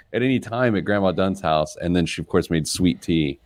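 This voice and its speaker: Deep-voiced chatty male show host. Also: a little fast. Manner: self-mocking, chatty, jumps in pitch when excited. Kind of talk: casual radio talk show chat.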